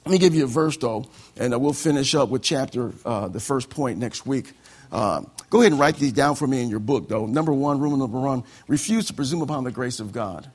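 A man preaching a sermon as pastor, animated and acting out conversations. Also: medium pitch, fairly quick, husky.

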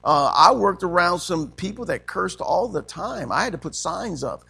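A man's voice: sits high, lively intonation, normal speed, vocal fry, sharp tone, breathy edge. A man preaching a sermon as pastor, asking the congregation questions and punctuating with frequent amens.

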